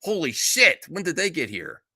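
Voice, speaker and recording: A man's voice: a little high, huge pitch swings, normal speed, vocal fry, pushed and bright, husky. A man hosting a casual live stream, reacting bluntly and with exasperation, swearing freely as he reads chat. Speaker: streamer host.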